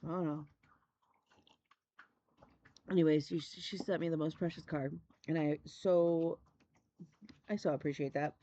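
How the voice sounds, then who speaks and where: A woman's voice: sits low, darkish tone. Effusive chatty woman, lo-fi sound. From Michigan. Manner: chatty, effusive, repeats "love me a". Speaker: flosstube host. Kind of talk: casual chat.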